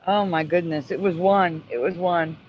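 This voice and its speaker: A man's voice: high voice, steady tone, normal speed. A man hosting a casual talk, presenting topics in an upbeat, exclamatory way. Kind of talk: casual chat. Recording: dull lo-fi sound with faint noise.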